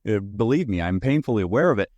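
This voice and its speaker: A man guesting on a podcast, telling an animated anecdote in a conversational way. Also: on the low side, fast talker, no echo, dull audio. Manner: animated anecdote teller who acts out both sides. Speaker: podcast guest, sales consultant. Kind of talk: conversational storytelling.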